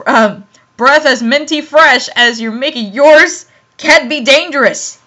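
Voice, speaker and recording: An eccentric, excitable grown man who talks with emphatic, chiding insistence, as a woman puts him on while reading a fan story. The voice sits fairly high and bright. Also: measured pace, dull audio. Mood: warning.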